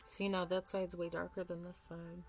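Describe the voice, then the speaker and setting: A woman's voice: fairly low pitch, flat delivery, moderate pace, faint music behind. A woman in her thirties chatting casually and rambling as she does her makeup at home on camera for a vlog, swearing freely. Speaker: vlogger.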